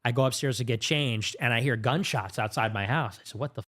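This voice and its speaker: In a podcast studio, a male guest tells a story quickly and animatedly, his pitch jumping suddenly. It's a casual storytelling interview.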